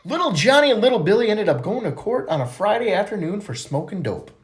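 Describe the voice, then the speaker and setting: A man's voice: sits high, very animated, fast talker, husky. A man telling jokes in a casual, chatty way and laughing at his own punchlines. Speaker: joke teller.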